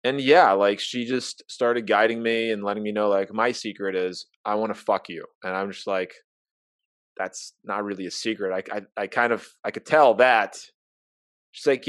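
A man's voice: on the low side, steady tone, normal speed, no room sound. A young man telling an embarrassing personal story in casual chat, candid and self-mocking, acting out the dialogue.

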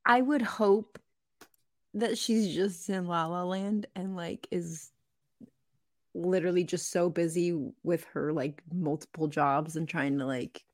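Young female co-host, dry mic, lower pitch, quick exclaiming reactions. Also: no room sound. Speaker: podcast co-host. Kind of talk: casual chat reacting.

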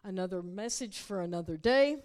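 A woman's voice: mid-range voice, lively intonation, fairly quick, a little mellow, big-room sound. A woman preaching a sermon, teaching the congregation and asking them rhetorical questions.

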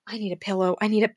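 A young woman talking straight to her viewers about a story she loves. She swears freely and lurches from hushed whispers to loud gasps and near-shouts. Her voice sits in a middle pitch, recorded dry and close. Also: no room sound. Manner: dramatic, swings between gasps, whispers and shouting. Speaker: fanfiction vlogger. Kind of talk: emotional casual rant about a book.

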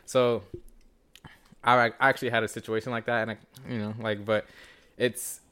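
A young man chatting easily as a podcast guest. His voice sits at an ordinary pitch, loose and relaxed. He leans on filler words and acts out little quotes as he talks. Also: normal speed, clean tone. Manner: laid-back, many fillers, acts out quotes. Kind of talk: casual podcast chat.

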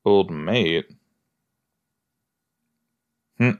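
With a deep voice and an extremely slow delivery, this podcast host reacts to an episode as he watches it, chatty and joking, musing aloud with fillers. The high frequencies of the recording are cut off.

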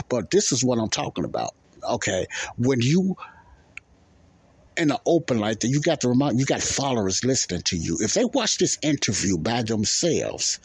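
A middle-aged man hosts a podcast, commenting on video clips in a loose, repetitive manner and repeatedly asking whether you understand. His voice is medium in pitch, darkish and slightly rough, recorded with no room sound.

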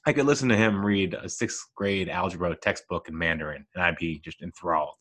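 A man's voice: low voice, fairly quick, a bit bright. A man hosting his own podcast, talking alone and gushing with enthusiasm about things he loves. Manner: gushing, enthusiastic fan talk. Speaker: podcast host. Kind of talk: casual solo podcast monologue.

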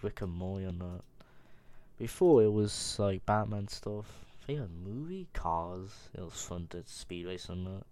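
Low gravelly young man, offhand. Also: mellow, dry recording. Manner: reads questions aloud and answers himself, offhand and mumbling. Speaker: vlogger. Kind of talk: casual Q&A vlog.

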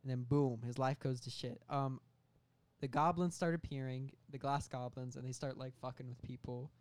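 A young man co-hosting a casual comedy podcast, telling a made-up film plot with lots of fillers and quick bursts of silly voices. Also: medium pitch, steady tone, a little mellow, smooth, no room sound. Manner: rambling storytelling with many fillers and quick bursts of put-on voices. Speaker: podcast co-host pitching a film idea.

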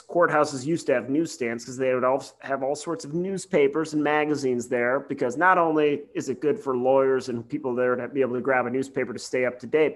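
A man co-hosting a podcast, a lawyer talking casually through a film, animated and sweary with long winding explanations. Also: medium pitch. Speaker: podcast co-host.

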